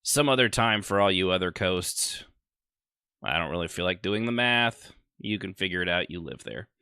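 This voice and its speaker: A man's voice: low voice, animated, moderate pace, sharp tone, clean tone, no echo, clean studio sound. A man hosting a casual podcast, joking and rambling as he teases his listeners. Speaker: podcast host.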